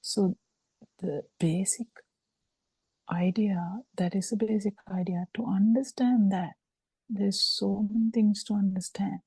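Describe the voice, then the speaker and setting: A woman giving a slow, halting Buddhist dharma talk over a video call, with frequent fillers. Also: medium pitch, steady tone, darkish tone, breathy edge, no echo, rough recording. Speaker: Buddhist teacher.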